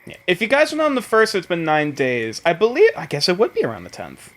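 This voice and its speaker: A man's voice: high voice, a little fast. A man running a tabletop game as game master, talking casually and narrating scenes with many restarts. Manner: animated, rambling with restarts and laughs. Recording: faint background music.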